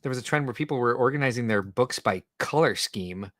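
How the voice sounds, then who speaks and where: A man's voice: mid-range voice, a little fast, a bit bright, no echo, studio quality. A man co-hosting a casual podcast, rambling and reading out viewer comments. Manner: rambling, self-interrupting. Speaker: podcast co-host.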